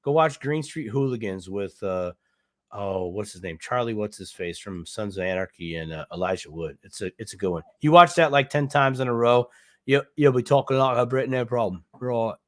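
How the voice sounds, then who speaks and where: A man's voice: on the low side, moderate pace. A man co-hosting a casual livestream chat, rambling and joking as he thinks aloud while browsing a website. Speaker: co-host.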